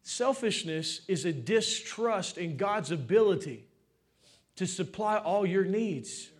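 A man preaching a sermon to his church, swinging between fervent declarations and soft, emotional asides. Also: high voice, lively intonation, takes it slowly. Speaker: pastor. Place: church stage with congregation.

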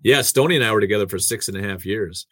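Radio man, lowish voice, dry close mic, chatty self-deprecating storyteller. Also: quick pace, no room sound. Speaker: radio host and producer. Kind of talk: casual conversational storytelling.

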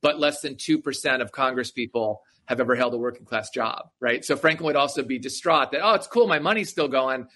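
This podcast guest, an author, speaks at a medium pitch with a sharp tone, talking a little fast and barely pausing. His enthusiastic explanations in the conversational interview are peppered with "right?" asides.

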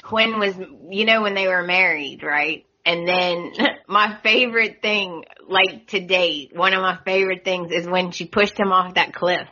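Chatty woman with bright lo-fi voice. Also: lowish voice, fairly even intonation, unhurried. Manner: chatty, laughs often, acts out quotes. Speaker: podcast host. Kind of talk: casual soap opera recap chat.

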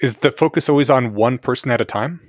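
A man's voice: mid-range voice, fast talker, no echo, studio quality. A man hosting a podcast, asking curious, skeptical questions in a casual chat. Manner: curious, questioning, easily amused. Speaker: podcast host. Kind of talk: casual conversational interview.

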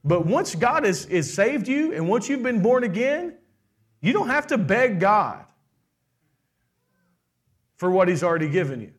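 A middle-aged man preaching a sermon with animated delivery, putting on quoted voices and asking the congregation questions. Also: high voice, measured pace, long pauses. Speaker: pastor.

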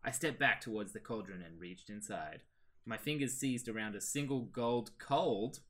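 A man reading a story aloud to friends in a lively, animated way. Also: lowish voice, moderate pace. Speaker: reader of the story.

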